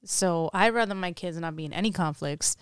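A woman's voice: on the low side, a little fast, smooth, no room sound. A woman chatting casually and bluntly, swearing freely as she chimes in. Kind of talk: casual chat.

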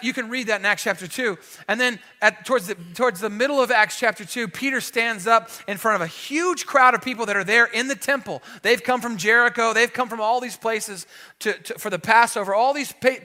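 A man preaching a sermon in a church, energetic and conversational, with emphatic bursts. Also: extremely high pitch. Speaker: pastor. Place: church sanctuary.

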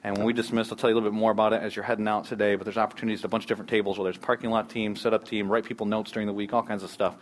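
A man's voice: lowish voice, little pitch movement, rapid-fire, few pauses. A man preaching as pastor, moving from church announcements and prayer to a joking game that quizzes the congregation. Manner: upbeat, joking, quizzes the crowd. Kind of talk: church announcements, prayer and playful audience sermon opener.

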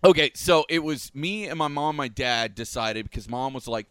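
A man chatting casually on a podcast, telling animated stories and swearing freely. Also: medium pitch, brisk, hardly any pauses, clean tone, no echo. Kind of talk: casual chat.

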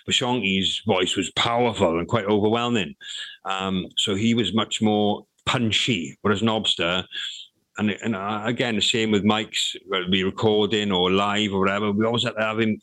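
A man's voice: fairly low pitch, a bit bright, dry recording, low-quality recording. A middle-aged man, telling stories in a casual interview, rambling with restarts and swearing freely. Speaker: interview guest, rapper.

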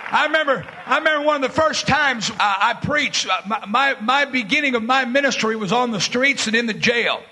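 High bright-voiced preacher shouting a sermon. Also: male voice, expressive, fairly quick, few pauses, slight background noise. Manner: shouting bursts, dramatic retelling with voiced quotes. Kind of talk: fiery sermon storytelling.

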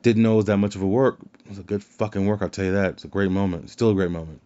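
A man's voice: fairly low pitch, flat delivery, rapid-fire, dark tone. A man hosting a wrestling podcast in casual chat, rambling and swearing freely. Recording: dull lo-fi sound.

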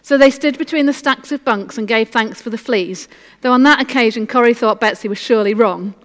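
Woman preacher, earnest and encouraging, slightly high voice, echoey hall. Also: fairly quick, a bit bright. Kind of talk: sermon with a story read aloud.

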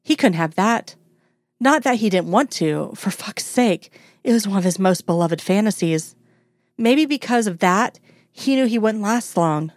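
A woman reading a romance story aloud in a steady, even storytelling voice. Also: medium pitch, unhurried, no echo, studio quality. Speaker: narrator.

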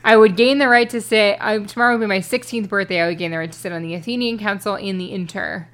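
A woman's voice: mid-range voice, fast, a bit bright. A woman co-hosting a podcast, giving a wry, sarcastic book critique in casual chat. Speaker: podcast co-host.

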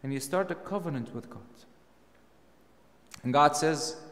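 A man preaching a sermon, emphatic and full of rhetorical questions, his voice rising to loud peaks. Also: medium pitch, animated, moderate pace, pauses often, big-room sound.

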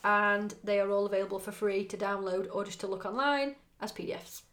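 A woman's voice: mid-range voice, brisk, fairly bright tone. Woman co-host, English, casual rambling chat, mid-range voice. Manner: chatty, rambling, lots of "like" fillers. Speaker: podcast co-host.

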